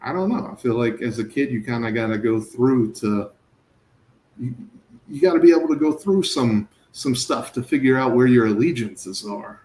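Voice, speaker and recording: A man in his thirties co-hosting a podcast, talking sports in a relaxed, reflective way with trailing-off phrases. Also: mid-range voice, moderate pace. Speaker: podcast co-host. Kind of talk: casual sports chat. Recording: echoey room.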